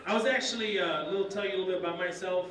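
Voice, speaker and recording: A young adult man from Kuwait doing an animated stand-up comedy set in a conference center banquet hall, slipping into character voices. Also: very fast. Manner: animated, jumps into high-pitched character voices. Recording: roomy hall, distant mic, faint noise.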